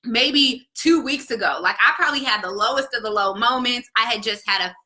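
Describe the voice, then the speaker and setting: A woman's voice: a little high, a little fast, pushed and bright. A young woman vlogger talking earnestly and emotionally to her viewers about faith, with many restarts. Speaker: vlogger and faith-based business coach. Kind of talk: casual heartfelt talk to camera.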